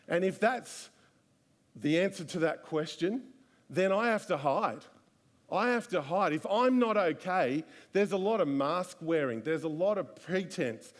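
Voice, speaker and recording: Earnest preacher, slightly high voice. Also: male voice, expressive, a little slow. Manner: earnest, repetitive, rhetorical questions. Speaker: pastor. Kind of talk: live sermon. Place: church service.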